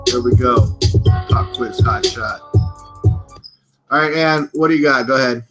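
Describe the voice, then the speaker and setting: A man's voice: medium pitch, a little slow, over music. A man hosting a casual live-stream show, rambling and cursing, sometimes half-rapping his talk. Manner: loose, rambling, profane, drifts into rhyme. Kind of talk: casual live-stream chat, half-rapped over a beat. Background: hip hop beat playing.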